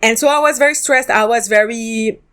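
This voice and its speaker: A woman's voice: fairly high pitch, moderate pace, a bit bright, smooth. A woman hosting a solo podcast, reviewing a drama in a candid, chatty way with frequent ums and restarts.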